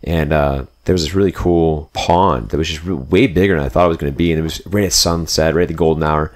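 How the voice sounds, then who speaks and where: A man's voice: a bass voice, quick pace. A young man telling a road trip story in casual, rambling podcast chat, full of "like" and "dude". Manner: rambling, animated, fillers like "like" and "dude".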